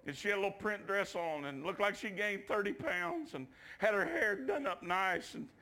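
Gravelly preacher telling a story. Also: male voice, high-pitched, lively intonation, normal speed. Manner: shouts climaxes, drawls folksy asides. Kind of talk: revival sermon storytelling. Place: church.

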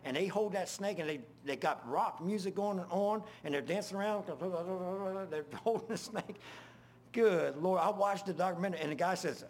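An older man preaching an informal sermon, full of folksy stories and swinging between loud and hushed. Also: high voice, normal speed, slight background noise.

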